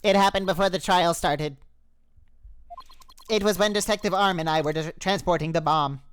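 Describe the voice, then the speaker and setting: A man's voice: high-pitched, normal speed, clean tone, close to an everyday voice. A man voicing a sleazy, smug male bomb expert, his voice pushed back into the throat.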